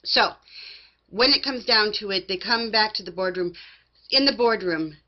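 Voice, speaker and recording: A woman's voice: mid-range voice, normal speed. A woman giving a sassy, mocking recap of a reality show, acting out what others said. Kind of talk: casual opinionated recap. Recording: slightly dull lo-fi recording.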